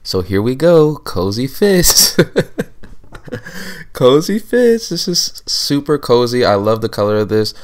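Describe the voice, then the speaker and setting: A man's voice: mid-range voice, animated, slow pace, pauses often, clean tone. A man doing a comedic voiceover as his young wife, playing a sassy fashion vlogger who shows off her outfits in a playful, boastful, teasing way.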